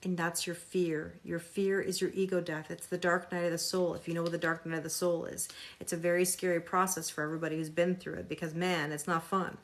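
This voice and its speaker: A woman's voice: lowish voice, little pitch movement, a little fast, hardly any pauses. A woman hosting a live tarot reading, talking casually with viewers in a sarcastic, chatty way and reading card meanings aloud.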